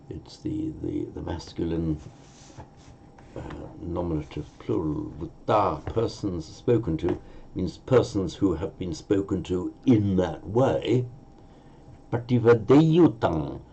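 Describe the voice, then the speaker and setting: A man's voice: low-pitched, gravelly, dark tone, breathy edge, lo-fi sound. A man teaching a language lesson, thinking aloud, correcting himself and using many fillers.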